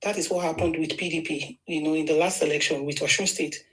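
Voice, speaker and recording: A woman's voice: deep voice, steady tone, fast talker, rough recording. A woman with a Nigerian accent, giving an emphatic, argumentative political monologue in a casual style with frequent restarts. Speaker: political commentator.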